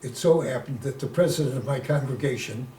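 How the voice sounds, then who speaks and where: A man in his nineties, a retired rabbi, telling lively anecdotes in an interview and dropping in Yiddish words. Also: mid-range voice, a little fast. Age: 90s. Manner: lively storyteller who sprinkles in Yiddish words. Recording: echoey room, distant mic, faint noise.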